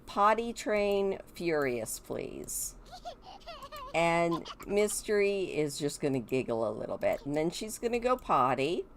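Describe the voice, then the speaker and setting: A woman's voice: lowish voice, very animated, unhurried, a little hiss or hum. A middle-aged woman with a Midwestern American accent, chatting casually as she comments on a game and talks to her viewers. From Michigan, USA. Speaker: gaming video creator.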